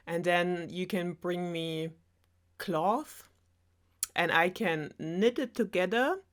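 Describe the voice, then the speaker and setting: A woman with a German accent voicing a naive, isolated teenage girl trapped in a tower, excited and breathless. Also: fairly low pitch, takes it slowly. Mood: eager.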